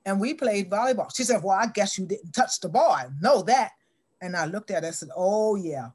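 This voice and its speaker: Middle-aged woman telling a long story, acts out all the voices, lively. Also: medium pitch, normal speed, breathy edge. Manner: animated storyteller acting out quoted dialogue. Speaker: interviewee. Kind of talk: storytelling in an interview.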